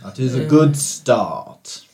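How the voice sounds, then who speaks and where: A grand, impatient genie, as a game master puts him on, speaking slowly and loftily. The lines come curt and measured in a tabletop game. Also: male voice, mid-range voice, big pitch swings, a little mellow. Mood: lofty. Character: haughty busy male genie in a talisman.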